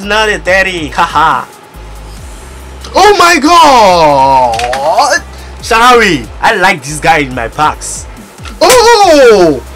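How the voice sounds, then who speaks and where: A man giving excitable pack-opening commentary for a video game, exclaiming and shouting over each pick. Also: high voice. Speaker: gaming YouTuber.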